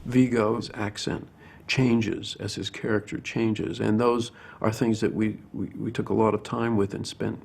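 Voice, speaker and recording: A man, a film director, speaking in a measured, thoughtful way in an interview. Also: lowish voice, little pitch movement, creaky, a little mellow, breathy edge. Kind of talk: interview commentary.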